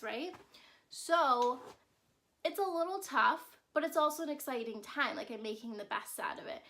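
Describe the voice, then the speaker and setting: This is a young woman hosting her own self-care show, speaking casually and sincerely to her audience. Her voice is bright and sits a little high. She keeps checking in with "right?" and fills her pauses with "um". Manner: chatty and earnest, frequent "right?" and "um". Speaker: self-care podcast host. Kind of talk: casual solo vlog talk.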